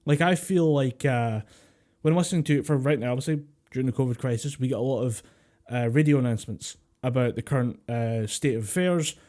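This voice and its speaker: A man's voice: medium pitch, a little fast, warm tone. A Scottish man co-hosting a podcast over a voice call, chatting casually, swearing and laughing often. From Scotland. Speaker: podcast co-host. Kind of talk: casual chat. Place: home room over a voice call. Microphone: home mic over a voice call.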